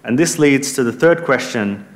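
A man's voice: medium pitch, lively intonation, normal speed. A man preaching a sermon in an earnest, emphatic way, lifting his voice when he quotes scripture.

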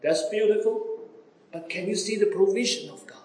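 A man preaching a sermon, asking his listeners question after question, with big swings between loud and soft. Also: normal speed. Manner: repeated rhetorical questions to listeners, wide dramatic swings in pitch and loudness. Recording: echoey room.

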